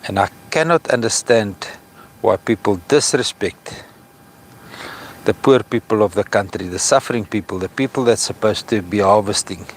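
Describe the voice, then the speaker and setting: A South African man vlogging outdoors at an estuary, speaking earnestly and with feeling, slowing down to stress his points. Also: lowish voice, a little hiss or hum. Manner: earnest, impassioned, slow when stressing points. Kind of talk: outdoor vlog commentary.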